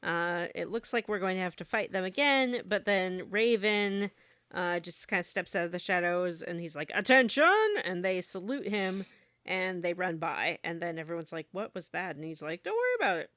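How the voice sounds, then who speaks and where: A woman's voice: fairly low pitch, fairly even intonation, normal speed, a bit bright, clear, resonant tone, no room sound, clean studio sound. A woman co-hosting a podcast, recapping a video game story in a playful way with plenty of hesitant fillers. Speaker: podcast co-host.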